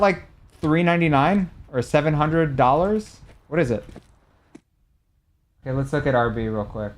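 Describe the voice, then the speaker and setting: On a live stream, a young man chats casually with viewers and reacts animatedly, his volume rising and falling. His voice runs on the high side and sounds animated, at a moderate pace with frequent pauses.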